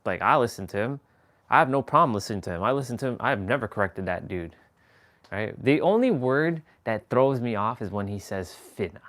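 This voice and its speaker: Male streamer, mid-pitched, loose and slangy, rambles and chuckles to himself between thoughts. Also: lively intonation, brisk, fairly bright tone. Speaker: live stream host. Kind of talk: casual chat.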